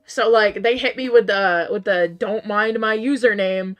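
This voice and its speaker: Losing at her game, a female streamer sounds worn and strained as she talks casually with viewers, answering chat and frequently breaking into high-pitched, incredulous outbursts. She speaks a little slowly with a fairly bright tone over soft background music.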